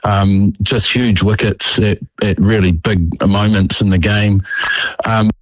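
A man's voice: lowish voice, fairly even intonation, takes it slowly, dry recording, rough recording. A middle-aged man with a New Zealand accent, a former cricketer being interviewed, talking with many ums and restarts. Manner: hesitant, lots of ums and restarts.

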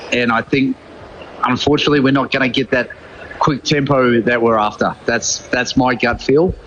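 A man's voice: mid-range voice, moderate pace, lo-fi sound, a little hiss or hum. A man with a New Zealand accent, a former rugby player calling in from abroad and telling stories with lots of laughter. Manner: excitable, laughing storyteller. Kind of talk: casual phone-in chat.

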